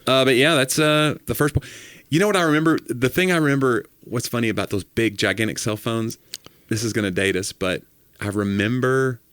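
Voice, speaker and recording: A man co-hosting a podcast in casual comedic chat, telling jokes with animated delivery and acting out the voices in the quotes. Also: medium pitch, brisk, hardly any pauses, no room sound, clean studio sound. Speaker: podcast co-host.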